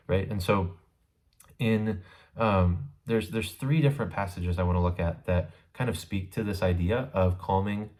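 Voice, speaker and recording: A man's voice: lowish voice, moderate pace, a little mellow. A man giving a casual, conversational Bible study lesson, often checking in with his listeners as he explains a passage. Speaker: Bible teacher.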